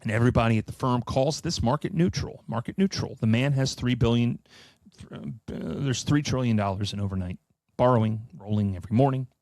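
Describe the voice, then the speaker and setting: A man's voice: mid-range voice, fairly quick, darkish tone, no echo. Guy ranting about finance, sarcastic and swears a lot, dry close sound. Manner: emphatic, sardonic, profane asides. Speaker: finance commentator. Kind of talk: animated solo presentation.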